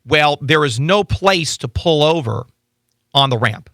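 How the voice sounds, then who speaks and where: A man appearing as an attorney guest, chatting casually in a radio studio and telling animated stories with lots of restarts. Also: fairly high pitch, unhurried, no echo. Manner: animated storytelling with frequent restarts. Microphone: studio microphone.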